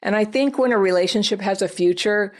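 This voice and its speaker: A woman hosting an advice talk. She answers a viewer's letter in a gentle, reflective way and speaks straight to the listener. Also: mid-range voice, fairly quick. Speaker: advice host.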